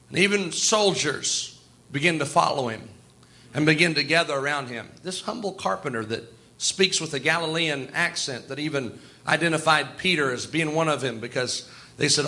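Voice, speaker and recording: A man's voice: on the high side, moderate pace, bright, forceful tone. A man preaching a sermon in a folksy, storytelling way. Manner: folksy, storytelling, chuckles often.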